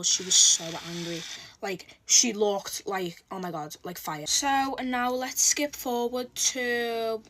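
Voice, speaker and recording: A woman telling a personal story in casual storytime chat, expressive and full of "like". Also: mid-range voice. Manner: chatty, expressive, heavy use of "like", acts out quotes. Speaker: storytelling vlogger.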